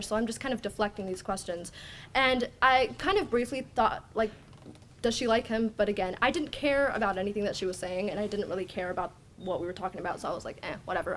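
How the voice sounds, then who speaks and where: A woman's voice: fairly high pitch, fairly bright tone, a little hiss or hum. A teenage girl telling a personal story at a story slam, rambling and self-deprecating, often quoting her own thoughts. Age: teens. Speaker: student storyteller.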